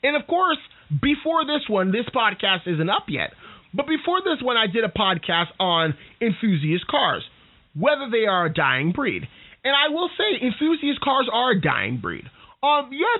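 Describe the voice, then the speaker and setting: A podcast host rants in a lively, sing-song voice that swoops up and down, sounding exasperated and often stumbling over words. The recording is tinny and phone-like. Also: mid-range voice. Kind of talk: casual solo rant.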